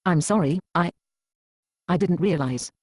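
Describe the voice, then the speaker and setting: A woman's voice: fairly low pitch, unhurried, husky, dry recording, studio quality. A woman acting as an upset single woman who answers defensively and evasively in an amateur Bible drama.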